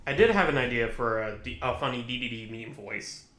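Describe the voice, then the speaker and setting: A man's voice: mid-range voice, animated, a little fast, fairly bright tone, slight background noise. A man co-commenting on a let's play with dry wisecracks. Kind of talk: casual group game commentary. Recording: roomy sound with game music.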